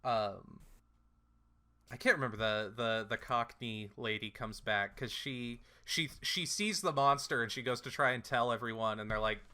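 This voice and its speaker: A man's voice: medium pitch, normal speed, pushed and bright. A man co-hosting a podcast, casually recapping a film with lots of fillers and playful quoted voices. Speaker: podcast co-host. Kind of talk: casual movie recap chat.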